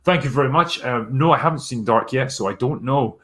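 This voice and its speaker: A man hosts a live stream and works casually through viewer messages, blunt and sarcastic with lots of swearing. His voice is medium-pitched, brisk and fairly bright.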